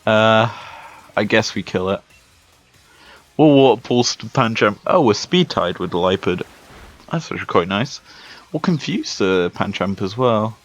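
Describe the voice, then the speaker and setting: Slow, laid-back British man gaming. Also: lowish voice, lively intonation. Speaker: Let's Play host. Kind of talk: casual gameplay commentary. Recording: dull lo-fi sound with faint music.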